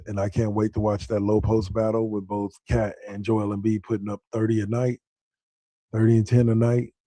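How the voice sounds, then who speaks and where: A man hosting a sports podcast with a dark, mellow voice, talking loosely and excitedly. He rambles, restarts his sentences and jumps up in pitch when something surprises him. The sound is close and dry. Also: no room sound. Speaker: podcast host. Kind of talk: casual sports podcast talk.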